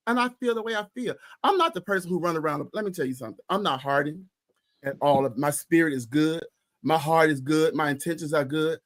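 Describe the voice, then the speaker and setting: A man's voice: fairly high pitch, fast. A man co-hosting a podcast in casual chat, ranting heatedly and profanely with emphatic repetition. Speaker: podcast co-host.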